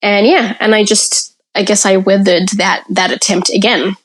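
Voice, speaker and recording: Aussie woman, podcast guest, candid storytelling, middle pitch, talks in present tense. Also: steady tone, moderate pace, fairly bright tone, poor audio. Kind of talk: personal storytelling in conversation.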